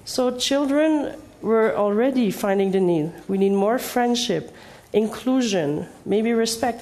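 A woman's voice: medium pitch, dark tone. A woman educator giving a presentation and explaining the ideas step by step. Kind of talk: presentation talk.

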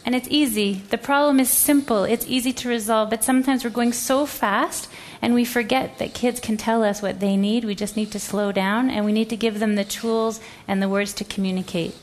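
A woman's voice: on the high side, steady tone, normal speed, hardly any pauses. A woman educator giving a presentation, telling a classroom story and acting out the quoted voices. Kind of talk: presentation talk.

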